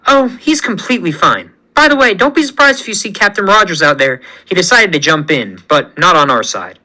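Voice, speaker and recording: A man's voice: high voice, big pitch swings, fairly quick, pushed and bright, full character voice, low-quality recording. A man voicing a gloating, villainous male president in a menacing, sneering manner. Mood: scheming.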